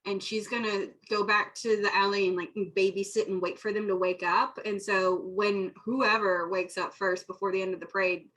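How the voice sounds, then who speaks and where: A woman's voice: mid-range voice, fairly even intonation, moderate pace, hardly any pauses, fairly bright tone, poor audio. A woman player in a tabletop roleplaying game, talking casually and correcting herself as she goes. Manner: rambling, self-correcting. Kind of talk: casual tabletop play chat.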